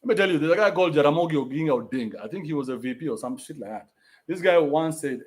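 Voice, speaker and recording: A man's voice: on the high side, animated, very fast, darkish tone. A young adult man with a Kenyan accent, ranting bluntly in a profane, mocking livestream. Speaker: commentator. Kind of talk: livestream rant.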